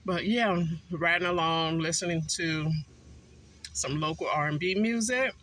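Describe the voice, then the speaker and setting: Guy doing a mukbang in his car, talks real slow, kinda high bright voice, lots of ums. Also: low-quality recording. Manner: unhurried, chatty with frequent ums, eating while talking. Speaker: food vlogger. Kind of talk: casual mukbang chat.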